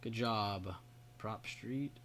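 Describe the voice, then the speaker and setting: A man with a fairly low, fairly bright voice draws out his words as he hosts a live trading stream, hiccupping while he casually walks through charts and praises viewers by name. There is slight background noise.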